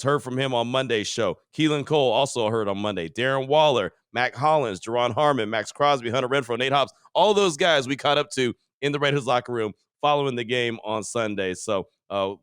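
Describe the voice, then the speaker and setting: A man's voice: mid-range voice, clean tone, no echo, clean studio sound. A man hosting a sports podcast, talking casually and with energy to fans. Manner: energetic, casual fan-to-fan delivery. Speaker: podcast host. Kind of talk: sports podcast talk and read sponsor ad.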